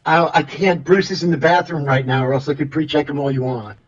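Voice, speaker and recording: A man's voice: fairly high pitch, steady tone, fairly quick, lo-fi sound, close to an everyday voice. A man playing a flustered, flamboyant airline pilot who rambles and stammers through repeated words in an improvised comedy bit. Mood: chirpy. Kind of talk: improvised comedy role-play over radio chatter.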